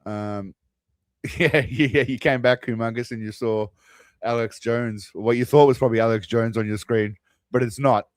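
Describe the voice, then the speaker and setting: A man's voice: medium pitch, steady tone, normal speed, no room sound. A man hosting a stream, commenting casually in a rambling, chatty way. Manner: rambling, chatty, with restarts and laughs. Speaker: stream host.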